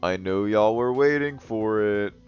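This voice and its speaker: A man's voice: lowish voice, measured pace, clean tone. A man giving comedic, crude commentary while drawing, laughing often and calling himself the Goblin King as he talks to viewers. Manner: crude, profane jokes and frequent laughing; self-styled Goblin King persona talking to viewers. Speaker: digital artist and video host. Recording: dull lo-fi recording with faint music.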